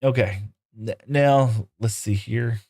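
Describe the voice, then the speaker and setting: A man's voice: mid-range voice, takes it slowly, warm tone. A man live streaming a game, chatting casually, answering viewers and talking to the animals in playful broken baby-talk. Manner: answers chat messages aloud while playing.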